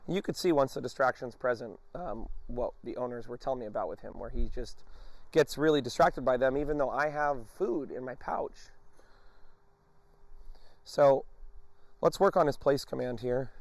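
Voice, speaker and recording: Male dog trainer, mid-pitch, calm step-by-step explainer, quick praise to the dog, dry close sound. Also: dry recording. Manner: explains calmly, breaking off to praise and command a dog. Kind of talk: instructional demonstration.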